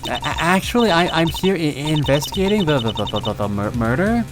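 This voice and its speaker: A man's voice: medium pitch, sing-song, slow, music in the background. A man voicing a timid young woman lawyer who stutters nervously.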